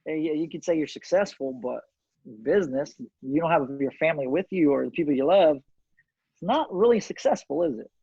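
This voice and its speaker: Middle-aged male guest, earnest and halting, somewhat higher voice, dry lo-fi sound. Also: expressive, vocal fry, warm tone, husky, no room sound. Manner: earnest storytelling with many fillers and restarts. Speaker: cigar company owner, guest. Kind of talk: casual interview chat. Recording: dull, dry lo-fi audio.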